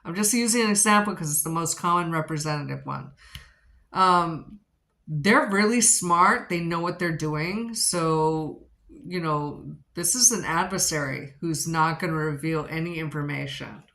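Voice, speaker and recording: A woman with a low voice talks through a tarot spread in a loose, chatty monologue. She circles back and repeats her questions to the cards, sounding slightly out of breath. Cards shuffle softly in the background. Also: measured pace. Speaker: tarot reader.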